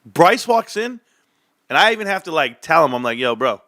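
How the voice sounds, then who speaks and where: Lively, bright-voiced man in his forties. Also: high-pitched, normal speed, no echo. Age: 40s. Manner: rambling, joking, tangent-prone. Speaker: stock market vlogger. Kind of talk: casual rant to viewers.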